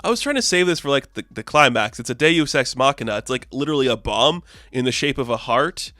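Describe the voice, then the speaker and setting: A man's voice: mid-range voice, expressive, fairly quick, sharp tone, no echo, studio quality. A man voicing a casual, helpful male sidekick. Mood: offhand.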